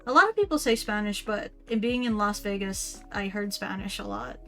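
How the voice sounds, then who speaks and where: A woman's voice: medium pitch, animated, moderate pace, pushed and bright, faint music behind. Easygoing woman chatting on a stream. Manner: easygoing, laughs often, hesitant fillers. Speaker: co-host, partner. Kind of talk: casual chat.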